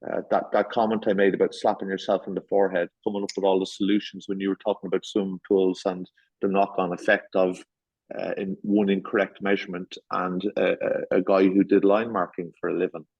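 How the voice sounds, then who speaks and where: A middle-aged man hosting a casual podcast chat, telling stories playfully with lively retellings. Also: deep voice, a little fast, vocal fry, no room sound. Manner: playful storyteller, animated retelling. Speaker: guest host. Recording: muffled lo-fi sound.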